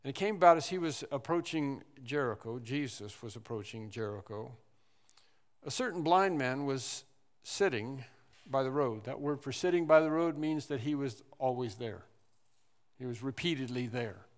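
A man preaching a sermon, animated, repeating phrases and acting out the people in the story. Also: mid-range voice, normal speed. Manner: animated preaching with repetitions and acted-out quotes. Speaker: pastor. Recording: long hall reverb.

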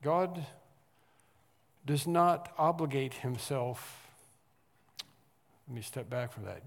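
A man preaching a sermon, swinging from quiet explanation to loud emphatic lines and repeating phrases for stress. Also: medium pitch, animated, takes it slowly, pauses often. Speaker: pastor. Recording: long hall reverb.

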